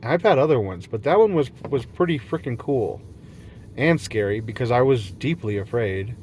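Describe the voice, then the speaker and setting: A man in a loose, goofy ramble that hops from one thought to the next with bursts of laughter. His voice sits at an ordinary middle pitch for a man. He is out in nature after dark, with a faint hum of outdoor ambience behind him. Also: animated, normal speed. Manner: silly, rambling, jumps between topics with frequent laughs. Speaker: vlogger. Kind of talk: rambling monologue.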